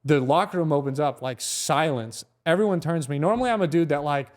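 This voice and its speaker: Animated young man telling a story. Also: fairly high pitch, quick pace. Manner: animated, profane, filler-heavy storytelling. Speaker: comedian guest. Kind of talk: casual storytelling on a podcast.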